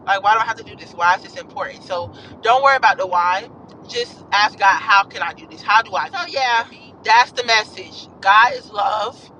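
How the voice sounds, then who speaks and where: A woman's voice: mid-range voice, expressive, moderate pace, bright, forceful tone, a little hiss or hum, poor audio. A woman vlogger sharing an earnest, encouraging faith message in a rambling, casual way while riding in a car. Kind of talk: casual devotional talk to viewers. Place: in a moving car.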